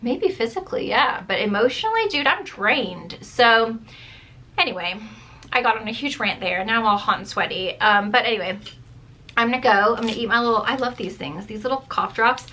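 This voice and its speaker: Woman, 30s, vlogging mom; bright and forceful, slightly high, rambly and full of "like", throat a bit dry. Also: expressive, a little fast, a little hiss or hum. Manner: chatty, rambling, says "like" and "dude" a lot. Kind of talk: casual chat to camera.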